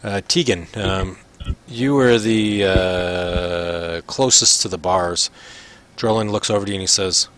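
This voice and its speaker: A man's voice: sits low, slow, a bit bright. A man narrating a tabletop game as game master, hesitant with many fillers.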